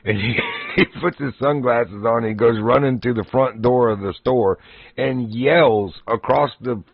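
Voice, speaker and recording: A man's voice: mid-range voice, unhurried, no room sound. A man hosting a livestream, telling casual stories in a folksy way and often laughing as he talks. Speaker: livestream host. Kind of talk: casual storytelling. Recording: dull, dry lo-fi stream audio.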